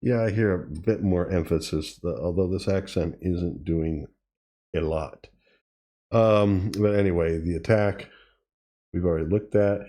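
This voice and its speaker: A man hosting a tutorial, casually demonstrating gear and thinking aloud with pauses and self-corrections. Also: low voice, mellow. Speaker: tutorial host. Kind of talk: casual demo while playing. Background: drum machine sounds he is playing.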